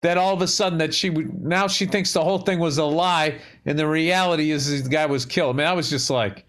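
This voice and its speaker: Podcast co-host, man in his fifties, Boston accent, blunt and profane, voice sits a touch high. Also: steady tone, fast, a bit bright. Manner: blunt, profane, dry humor. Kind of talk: casual chat.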